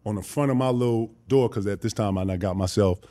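A man tells a story in a casual, lively way, cursing freely and slipping into other people's voices. His voice sits low and sounds mellow and warm. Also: fast. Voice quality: animated, profane, acts out voices. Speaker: guest storyteller.

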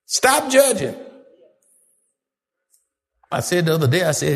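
A man preaching a fervent sermon, rising to shouts and calling on the congregation to answer back. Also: a little high, sing-song, slow, long pauses, in a large hall. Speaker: pastor.

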